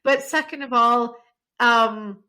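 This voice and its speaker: A woman hosting a podcast, talking in an eager, chatty way. Her voice sits a touch high and rings bright and forceful. She laughs easily between questions. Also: slow, clear, resonant tone. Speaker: podcast host. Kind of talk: casual interview chat.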